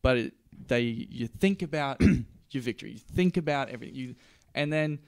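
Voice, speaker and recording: A young man hosting a casual podcast chat, explaining in an animated way and acting out little voices as he goes. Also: medium pitch, normal speed, gravelly, no room sound. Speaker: podcast host.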